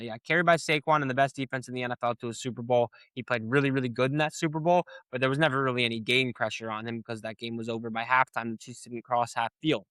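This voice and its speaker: A tired young man hosting a casual sports talk show, ranting with lots of swearing and growing animated when annoyed. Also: mid-range voice, clean tone, no echo. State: tired late at night. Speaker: sports podcast host.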